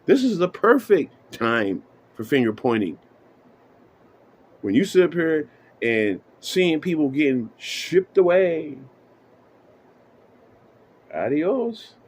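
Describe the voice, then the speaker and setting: A man's voice: fairly high pitch, big pitch swings, slow, pauses often, breathy edge. Man ranting casually to camera. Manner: profane, emphatic, repeats "you know what I'm saying". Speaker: vlogger.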